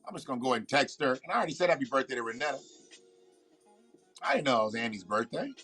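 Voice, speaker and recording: Bright, loose-talking man on a livestream. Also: mid-range voice, big pitch swings, rapid-fire, slightly rough, soft background music. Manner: loose, profane, talks back to viewers. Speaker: livestream host. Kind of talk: casual livestream chat.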